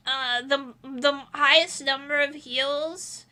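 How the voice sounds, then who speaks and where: A woman's voice: high-pitched, steady tone, slow, bright, forceful tone. A woman streamer chatting casually while she draws, rambling and laughing often between thoughts.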